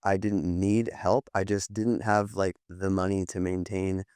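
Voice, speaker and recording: A man in his thirties, guesting on a podcast, tells his story candidly and ramblingly, with many fillers and restarts. His low voice is darkish and smooth, delivered flat and unhurried. The studio-quality recording has no room sound.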